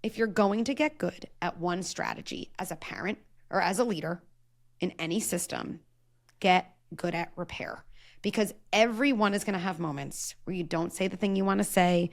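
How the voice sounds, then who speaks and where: A woman's voice: fairly low pitch, expressive, brisk, vocal fry. A woman in her forties, a parenting psychologist guest, talking earnestly in an interview and acting out quoted lines. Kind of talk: conversational interview.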